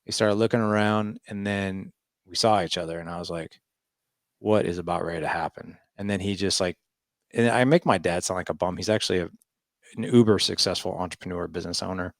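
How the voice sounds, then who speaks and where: A man in his forties with a low, gravelly voice tells a story as a podcast guest. He acts out the quotes with lively "I was like" asides. The sound is dry and close. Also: dry recording. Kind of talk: storytelling interview.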